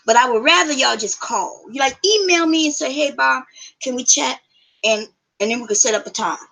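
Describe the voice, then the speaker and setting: A woman's voice: fairly high pitch, expressive, fairly quick, a bit bright, low-quality recording. A middle-aged woman hosting a live show, chatting casually and bluntly with viewers, swearing now and then. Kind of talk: casual live-stream chat.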